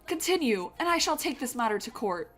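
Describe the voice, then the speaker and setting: A woman playing a haughty noble young lady from a mystery game. She speaks in a pompous, posh manner, a touch high in pitch. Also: sing-song, fairly quick, a bit bright. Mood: indignant.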